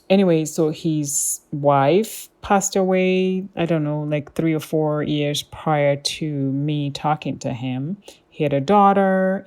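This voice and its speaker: Low, mellow-voiced woman podcast host. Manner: chatty, with many fillers and quoted asides. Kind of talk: casual storytelling monologue.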